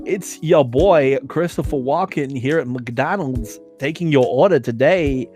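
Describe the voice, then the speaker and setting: An Australian man doing a halting, offbeat celebrity impression as a drive-thru worker. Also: mid-range voice, darkish tone, faint music behind, close to an everyday voice. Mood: deadpan.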